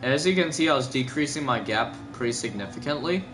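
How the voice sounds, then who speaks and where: A drowsy young man talks loosely over his racing footage, full of fillers and quick self-corrections. His voice sits at an ordinary middle pitch, with clear music playing underneath. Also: expressive. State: sleepy, yawning. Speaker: gaming video commentator. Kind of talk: casual replay commentary. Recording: gameplay music behind.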